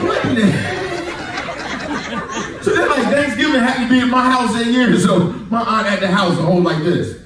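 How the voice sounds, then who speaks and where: A man's voice: extremely high pitch, normal speed, pauses often. A man doing a stand-up comedy routine, telling stories and acting out the voices of his friends. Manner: animated storytelling, acts out voices of friends. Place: comedy club stage. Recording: echoey club, mic far, crowd laughing. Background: audience laughter.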